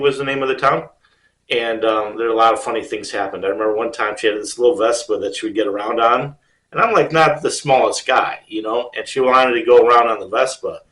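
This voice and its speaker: A man's voice: medium pitch, fairly bright tone, far from the mic. A man from Ohio telling a rambling, easygoing personal story with lots of fillers and restarts. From Ohio, United States. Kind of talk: casual spoken personal story. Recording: roomy sound, speaker off mic.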